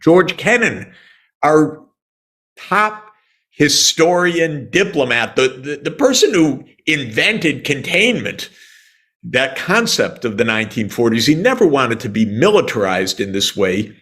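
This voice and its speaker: Being interviewed, an older economist from the United States responds with indignant emphasis, sarcastic remarks, and an occasional cough. He speaks at a measured pace in a slightly bright mid-range voice with big pitch swings.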